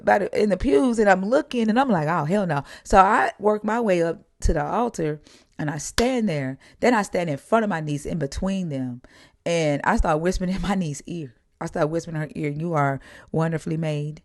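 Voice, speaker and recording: A woman's voice: fairly low pitch, dry recording, studio quality. A woman telling stories in a blunt, profane, heated way, in candid conversation.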